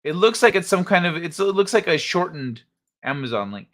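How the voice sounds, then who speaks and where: A man's voice: high voice, big pitch swings, a little fast, fairly bright tone. A man hosting a casual late-night stream, joking crudely and chatting with viewers. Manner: joking, crude, talks to chat. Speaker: host.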